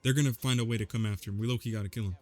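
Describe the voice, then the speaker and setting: A man's voice: fairly low pitch, fairly even intonation, rapid-fire, a little mellow, lightly acted. A man quoting a grim, blunt father figure in a slangy retelling.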